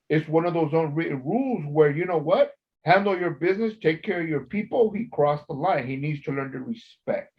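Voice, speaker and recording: A man tells blunt, profane stories from his time working in a prison, his voice a touch high. The sound is dull and lo-fi. He gets loud and forceful whenever he quotes himself. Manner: blunt, profane, swings loud when quoting. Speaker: former corrections officer, co-host. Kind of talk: casual podcast storytelling.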